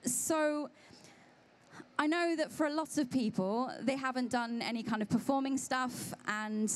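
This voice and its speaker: A woman's voice: sits high, measured pace, slight background noise. A woman moderating a live convention panel, speaking hesitantly with many ums and uhs. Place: on stage at a comic convention panel.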